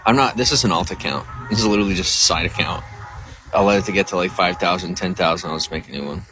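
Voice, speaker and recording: A man's voice: low voice, fast talker, over music. A man casually chatting to viewers on a livestream outdoors, rambling and reading out chat messages. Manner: rambling, talks to viewers, reads chat aloud. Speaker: livestream host. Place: outdoors near a coffee shop.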